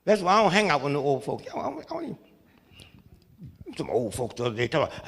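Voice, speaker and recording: Telling funny stories to a live audience in a folksy, chuckling manner, this man in his seventies keeps checking in with the crowd. He's a comedian and speaker who talks fast in a high voice that swings hugely in pitch.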